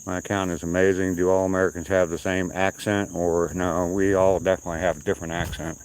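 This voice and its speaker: A man's voice: low voice, level tone, quick pace, slight background noise, poor audio. An older man with a slight Southern accent, chatting casually with viewers on a live stream while out on a walk, rambling from topic to topic. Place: outdoors at night on a walk.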